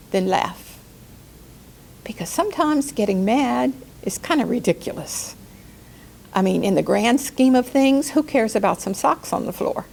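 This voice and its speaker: A woman life coach giving a calm spoken lesson, slowing down to stress key words and acting out quoted outbursts in a raised voice. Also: creaky. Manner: calm, gentle delivery with slow deliberate emphasis; acts out quoted outbursts in a higher, louder voice. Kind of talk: spoken teaching talk.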